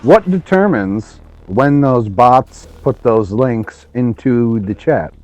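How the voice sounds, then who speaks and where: A man's voice: mid-range voice, expressive, slow pace, a little mellow, lo-fi sound. A man in casual livestream banter, reading viewer messages aloud and reacting with amusement. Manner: reads chat messages aloud, bemused. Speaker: co-host guest.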